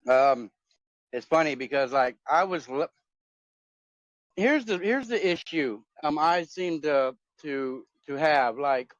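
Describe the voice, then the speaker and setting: Over a voice chat app on his phone, a man in his forties with a fairly high voice makes casual conversation. His talk rambles, packed with fillers and restarts, in a dry, dull, lo-fi recording.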